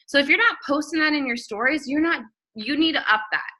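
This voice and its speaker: Blunt, bright-voiced young woman. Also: sits high, rough recording. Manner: blunt, fast-talking and emphatic, repeating phrases. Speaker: network marketing trainer. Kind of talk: live training talk to viewers.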